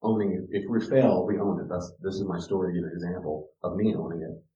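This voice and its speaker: A man, a counselor, giving an informal teaching talk with personal stories. He is animated and restarts often, dropping to quiet asides and rising to loud emphasis. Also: sits low, fast talker. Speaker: counselor teaching a parenting class. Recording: echoey room, distant mic, dull sound.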